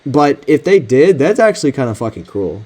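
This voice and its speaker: A man's voice: mid-range voice, big pitch swings, brisk, darkish tone. A man giving casual reaction commentary on text messages he is reading, exasperated and slangy, swearing often. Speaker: content creator.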